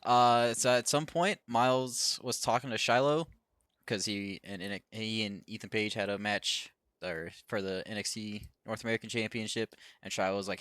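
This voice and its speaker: Recapping wrestling on his casual podcast, this host talks in a loose, rambling way, curses freely, and performs other people's quotes. His voice is fairly low, steady, smooth, and fairly bright at a moderate pace, with clean studio sound and no room noise.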